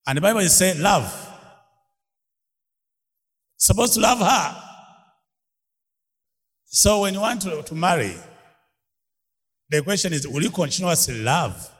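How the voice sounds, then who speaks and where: A man's voice: sits high, expressive, normal speed, pauses often, fairly bright tone. A man preaching a sermon, laughing often and calling out questions to his congregation. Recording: long hall reverb.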